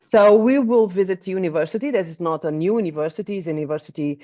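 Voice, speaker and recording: A woman with a Portuguese accent, a tour guide, chats casually in an interview, hesitating and restarting often. Her voice is lowish and warm, her pace quick, and the recording has its highs cut off.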